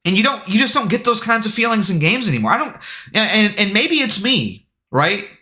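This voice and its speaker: A man streaming live, telling a story in an excitable way, full of swearing and filler words. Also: high-pitched, a little fast. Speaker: game streamer. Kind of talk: casual livestream storytelling. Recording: echoey room.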